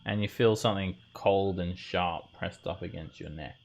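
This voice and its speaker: A man narrating as game master of an online tabletop game, halting with many fillers and restarts. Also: low voice, gravelly.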